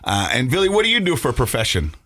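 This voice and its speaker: A man's voice: mid-range voice, huge pitch swings, fast talker, pushed and bright, no echo. A man hosting a podcast, talking in a conversational, upbeat way in a casual interview. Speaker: podcast host.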